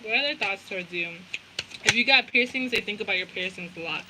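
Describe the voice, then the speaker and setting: A woman's voice: medium pitch, brisk, background noise. A young woman giving a casual tarot reading, blunt and profane, with lots of slang. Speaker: tarot reader.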